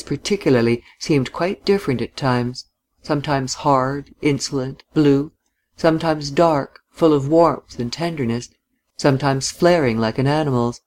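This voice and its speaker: An audiobook narrator reading literary fiction in a measured, even manner. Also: medium pitch. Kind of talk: scripted narration.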